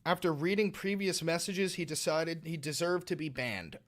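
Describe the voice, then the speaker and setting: A man's voice: on the high side, normal speed, a bit bright. A man streaming live, ranting at his chat in an exasperated, heavily profane way. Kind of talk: live-stream reaction talk.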